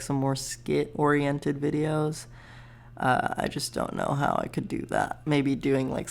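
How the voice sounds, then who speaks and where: Gravelly man rambling in a vlog. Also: medium pitch. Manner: rambling, laid-back, profane. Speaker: vlogger. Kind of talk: casual rambling vlog monologue.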